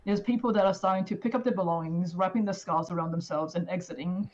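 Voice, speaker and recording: A woman's voice: lowish voice, fast talker, a little mellow. A woman narrating as game master in a casual way, full of fillers. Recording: dull lo-fi audio.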